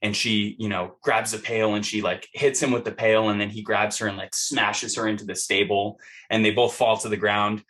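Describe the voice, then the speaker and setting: Male game master, low and forceful, narrates a fight in loose, profane, filler-heavy style. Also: little pitch movement, moderate pace. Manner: vivid, profane, rambling narration with many fillers.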